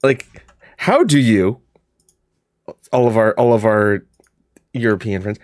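A man co-hosting a podcast in casual chat, rambling with many restarts and quick asides. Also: lowish voice, darkish tone, dry recording, clean studio sound. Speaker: podcast co-host and gaming video creator.

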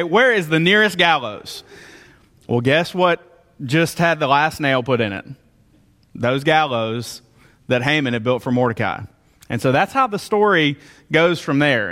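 Male pastor, slightly high voice, conversational sermon with asides. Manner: conversational, animated retelling with asides.

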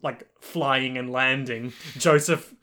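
A man's voice: mid-range voice, steady tone, slow, pushed and bright. Playful man recapping a show. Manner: playful, narrates scenes with jokes. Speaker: podcast co-host. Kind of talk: casual chat recapping an anime episode.

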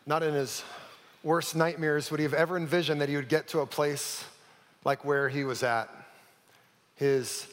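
Guy preaching, fairly high voice, dramatic storytelling, long echo like a big church hall. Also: fairly even intonation, moderate pace, long pauses. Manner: dramatic storytelling, drops to a hush for key moments. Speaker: pastor. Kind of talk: sermon storytelling. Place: church auditorium.

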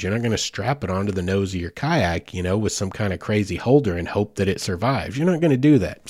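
Guy podcasting, low voice but real animated, chatty and apologetic, dry room close mic. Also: no room sound. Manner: chatty, self-deprecating, rambling with asides. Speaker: podcast host. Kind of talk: casual podcast monologue.

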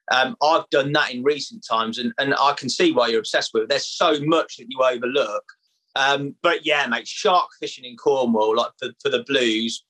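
A bright-toned man in his thirties from England, chatting easily about fishing. He talks in a loose, friendly way, scattering "like" and "mate" through his sentences. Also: mid-range voice, poor audio. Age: 30s. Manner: chatty, laid-back, says "mate" and "like" a lot. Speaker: podcast guest, angler. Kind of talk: casual chat.

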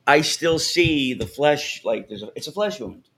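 A man's voice: fairly high pitch, expressive, a little slow, a crowd in the background. A man, co-hosting a podcast and telling a story in casual chat, swearing freely and laughing as he talks. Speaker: podcast co-host.

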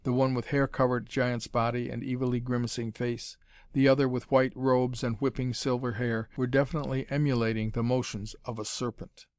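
A man reading an adventure story aloud as narrator, in a measured, dramatic manner. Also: medium pitch, level tone, darkish tone, clear, resonant tone, dry recording, studio quality. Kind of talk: audiobook reading of pulp adventure fiction.

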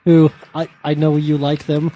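A man's voice: a little high, monotone, moderate pace, warm tone, muffled recording. A man in a casual podcast chat, airing grumbling, opinionated critiques.

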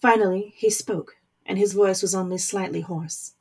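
A woman reading a story aloud as narrator, in measured scripted narration. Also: mid-range voice, steady tone, a little mellow, slightly rough.

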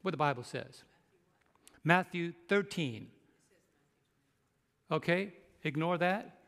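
A man's voice: on the high side, lively intonation, slow pace, vocal fry, a bit bright, in a large hall. A male pastor preaching a sermon, emphatic and asking the congregation rhetorical questions.

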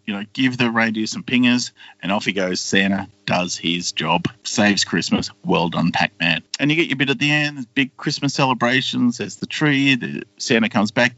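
A man's voice: lowish voice, fairly bright tone, no echo, dull audio. A man, casually retelling a cartoon plot on a podcast and slipping into silly character voices. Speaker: podcast co-host.

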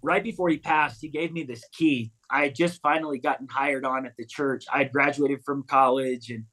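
A man in his thirties, a pastor and author, telling a personal story in an interview with earnest, animated quoted dialogue. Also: mid-range voice, moderate pace.

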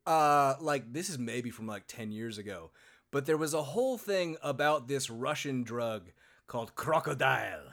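A man hosting a casual podcast chat, animated and quick to laugh, with some swearing. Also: medium pitch. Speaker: podcast host.

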